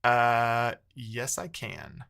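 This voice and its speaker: Bright-voiced man coding live, thinking aloud. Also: mid-range voice, lively intonation, drawn-out words, vocal fry. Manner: thinks aloud, second-guesses himself mid-sentence. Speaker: live-streaming developer. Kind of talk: casual live-stream chat while coding.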